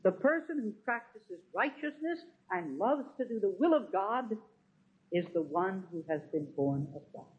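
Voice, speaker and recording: A preacher delivers a sermon with strong emphasis, firing off rhetorical questions. The voice rises and falls in a lively way. The sound is thin and tinny, like it is coming over a phone line. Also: mid-range voice, moderate pace.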